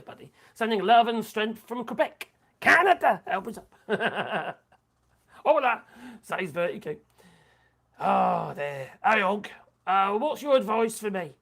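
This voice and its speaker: An English man with a Norfolk accent hosts a casual live stream, reading viewer comments aloud in a chatty, crude, mocking way and often muttering asides. His voice is extremely high-pitched and a bit bright.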